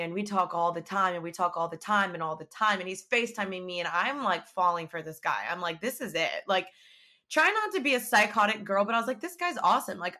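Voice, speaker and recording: Young woman, bright voice, chatty storyteller full of "like"s. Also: medium pitch. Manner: chatty, animated, lots of "like" and acted-out quotes. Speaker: vlogger. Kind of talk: casual storytelling.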